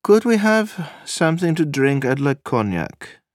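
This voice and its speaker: A man's voice: big pitch swings, a little slow, no echo, clean studio sound. A man reading an audiobook, voicing a shaken, restless young wife in a raised, faltering voice. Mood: uneasy. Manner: raised pitch, soft and faltering.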